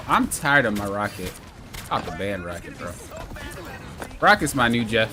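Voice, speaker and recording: Young male streamer, playful fed-up complainer, bright tone, very swingy pitch. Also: big pitch swings, normal speed, long pauses, faint music behind. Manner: exasperated, playful trash talk to teammates; mock-complaining, teasing. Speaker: streamer playing a hero shooter. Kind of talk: live gameplay commentary.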